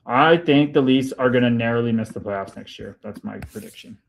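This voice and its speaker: With a medium pitch and a slightly fast pace, a man hosts a casual livestream, reading viewer comments aloud. He curses freely and cheers his viewers on.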